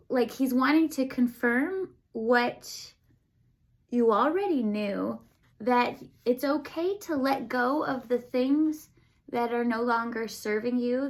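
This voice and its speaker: A woman reads tarot and passes on spirit messages in a gentle, unhurried way. Her voice sits a little high and she takes her time, pausing often with soft sighs between thoughts. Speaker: psychic medium and tarot reader. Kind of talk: channeled tarot reading.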